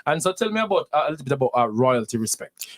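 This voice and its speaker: A man's voice: fairly high pitch, sing-song, racing, fairly bright tone. A man hosting a radio talk show, chatting loosely with guests and often restarting his words. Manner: loose, filler-heavy, repeats words. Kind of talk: casual interview chat.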